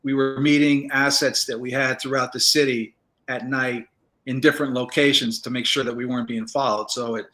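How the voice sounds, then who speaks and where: A man with a mid-range voice, formerly a federal agent, talks a little fast while telling rambling stories in a casual interview. He sounds relaxed and uses many fillers.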